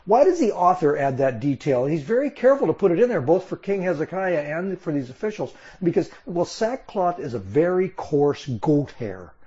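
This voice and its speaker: A man's voice: on the high side, sing-song, moderate pace, few pauses, warm tone, lo-fi sound. A man preaching an expository sermon, explaining a passage emphatically and sometimes restarting his phrases. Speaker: Bible teacher.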